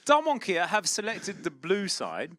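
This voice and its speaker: Animated mock-formal male esports caster. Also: sits high, measured pace, no echo. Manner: dry, mock-formal banter. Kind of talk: play-by-play commentary.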